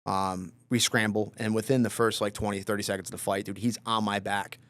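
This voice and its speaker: A man, a professional fighter, telling stories in a loose, casual podcast interview, swearing freely and filling pauses with fillers. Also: on the low side, no echo. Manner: relaxed, loose and profane, lots of fillers.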